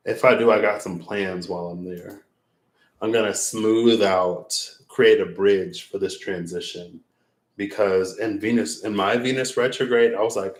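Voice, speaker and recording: Deep-voiced man rambling, echoey room. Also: slow pace. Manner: rambling, reflective, laughs often. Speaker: tarot reader. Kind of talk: late-night livestream wrap-up chat.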